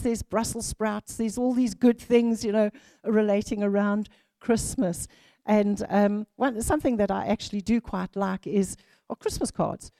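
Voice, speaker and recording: A woman's voice: medium pitch, mellow, no echo. A woman in her fifties preaching a sermon in a chatty way, with many fillers and restarts.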